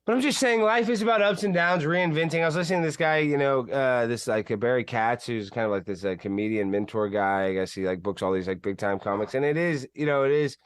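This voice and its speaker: A man's voice: mid-range voice, quick pace, few pauses, clean tone, no room sound, studio quality. A man guesting on a talk radio show, rambling animatedly as he tells a story. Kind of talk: casual talk-radio banter.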